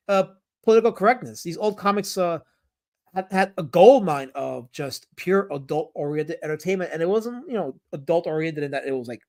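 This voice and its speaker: Guy streaming and reading chat, high voice, jokey and animated. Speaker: streamer and comic creator.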